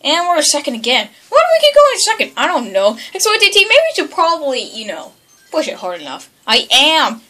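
A woman giving excited video game commentary, yelping, groaning and bickering as she plays. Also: high voice, a little fast. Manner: excitable, yelps and groans, bickers with toy characters. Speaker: gaming channel host.

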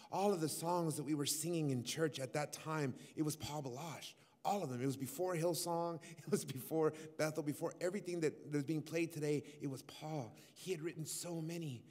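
A man's voice: on the high side, a little mellow. A man, a worship musician, earnestly telling a personal testimony to a congregation in a conversational way. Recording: long hall reverb, faint music.

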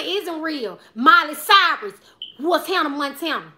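A comedian and YouTuber in her twenties chats casually on a live stream, rambling in slang and reading viewer comments aloud. Her voice is a little high and bright, with a forceful tone and a moderate pace.

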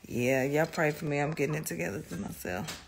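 A woman's voice: low-pitched, a little fast, gravelly, noisy background. A woman, a mother chatting casually with her young son in a family vlog, laughing often and teasing him. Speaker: mother and vlogger.

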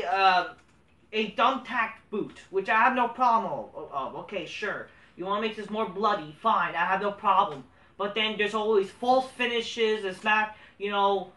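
A man hosts a casual solo review vlog in a bright, sharp-edged voice. He rants with constant swearing, dropping to grumbling mutters and then flaring into loud outbursts. He sits back from the mic in a roomy, echoing space. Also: high-pitched, recorded from a distance. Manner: profane, ranting, swings between muttering and heated outbursts. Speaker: host of a wrestling review channel. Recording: roomy sound, away from the mic.

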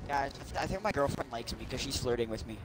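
A young man chatting loudly and excitedly while playing an online shooter with friends, yelping and laughing. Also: medium pitch, fast, low-quality recording. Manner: loud, excitable, yelps and laughs. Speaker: gamer. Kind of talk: casual gaming chat. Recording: loud background noise.

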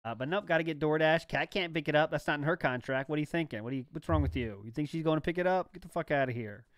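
A man's voice: a little high, racing, no room sound, clean studio sound. A man co-hosting a podcast in casual chat, sarcastic and laughing often. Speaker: podcast co-host.

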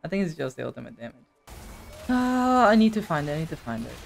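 An animated man streams a video game and talks his viewers through each play. His pitch jumps around a lot, and he bursts into loud, excited shouts. Quiet music plays faintly behind him. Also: quick pace, creaky. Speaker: gaming streamer. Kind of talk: live gameplay commentary.

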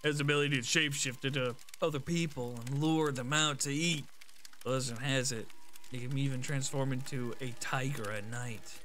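A man's voice: medium pitch, sharp tone, slight background noise, natural voice. A man reading an earnest companion's warning.

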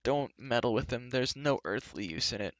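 A man voicing a whiny, cowardly male wizard who pleads and wails softly, on a dull lo-fi recording. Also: medium pitch, animated, moderate pace, dry recording, natural voice. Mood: pleading. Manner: wailing, pleading, soft.

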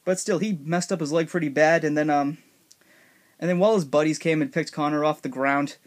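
A man's voice: on the high side, fairly even intonation, fairly quick. A young man casually narrating a made-up story, rambling with many fillers and restarts.

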